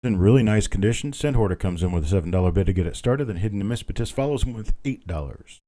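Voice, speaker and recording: A man's voice: fairly low pitch, expressive, quick pace, warm tone. A man hosting a live online coin auction, chatting casually, calling out bids and greeting bidders by name. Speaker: auction host.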